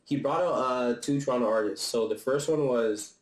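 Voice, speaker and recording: A man's voice: medium pitch, normal speed. Young man in a casual vlog, echoey room. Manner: loose, slangy and profane, with frequent laughs and restarts. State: slightly out of breath. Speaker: vlogger reviewing a concert. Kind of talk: casual chat. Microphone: camera-mounted mic.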